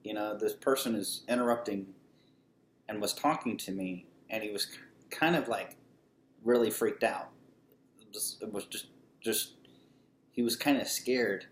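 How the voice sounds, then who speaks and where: A man telling a personal story in casual speech, halting often with fillers and restarts. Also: on the low side, roomy sound, a little hiss or hum.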